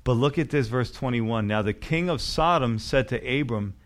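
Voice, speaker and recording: A man's voice: mid-range voice, moderate pace. A man preaching a sermon in a church as pastor, with emphatic rising and falling delivery.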